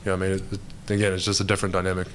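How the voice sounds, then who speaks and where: A young man with a New Zealand accent talks casually to reporters at a press event. His voice is very low, and he rambles loosely, saying "mate" over and over. There is faint background noise behind him. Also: completely flat delivery, very fast, a bit bright. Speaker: pro basketball player. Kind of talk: media day press interview.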